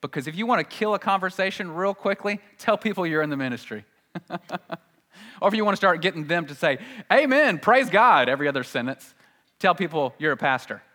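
A man preaching a conversational sermon as a pastor, swinging from hushed lines to loud, excited ones. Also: a little high, fast talker, big-room sound.

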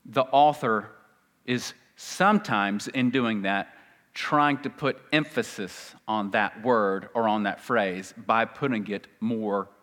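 A man preaching a sermon in a conversational teaching manner, slowing and dropping quiet to stress key phrases, with self-deprecating jokes. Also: mid-range voice. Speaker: pastor. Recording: long hall reverb.

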